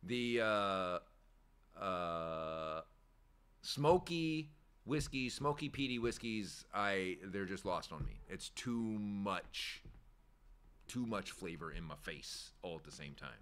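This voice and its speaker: Casual male host, lowish and bright-toned, rambling and candid, swears freely. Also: animated, slow pace, clear, resonant tone. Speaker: shop owner hosting a weekly chat show. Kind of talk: casual chat.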